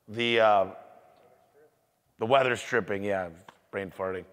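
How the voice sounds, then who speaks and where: Lively guy pumping up a crowd about sales, bright voice, long echo in a big hall. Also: fairly low pitch, takes it slowly. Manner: energetic, acts out customer dialogue. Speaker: business owner giving a talk. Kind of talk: motivational business talk. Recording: echoey hall.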